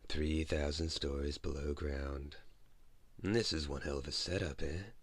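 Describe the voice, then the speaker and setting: A man voicing a hoarse, wry, grumbling creature living in a hand, in an audiobook. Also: very deep voice, fairly even intonation, a little slow, no echo, exaggerated voice. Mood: urgent. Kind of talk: audiobook character voice.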